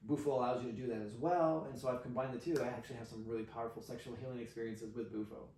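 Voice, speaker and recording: A man, a podcast guest, telling an animated story, acting out quotes with frequent laughs and fillers. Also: medium pitch, very fast, a little hiss or hum. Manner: excitable, acts out quotes, laughs often, filler-heavy. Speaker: podcast guest, sexual healer. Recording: roomy, distant from mic.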